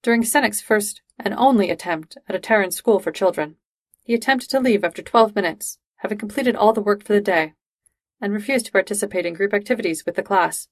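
A woman's voice: medium pitch, fairly quick, no echo, clean studio sound. Woman reading fan fiction aloud. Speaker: reader.

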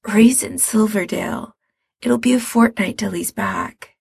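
A woman reading aloud, voicing a sick young man who rasps hoarsely and pleads in weak, half-whispered lines. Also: on the high side, unhurried, darkish tone, no room sound, clean studio sound, voice pushed up, heavily acted. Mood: weary. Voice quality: raspy, hoarse. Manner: weak, often near-whispered pleas.

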